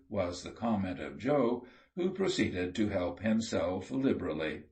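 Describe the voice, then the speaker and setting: Low-voiced man reading a story. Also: very animated, measured pace, few pauses, a little mellow. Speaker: audiobook reader. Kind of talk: scripted narration.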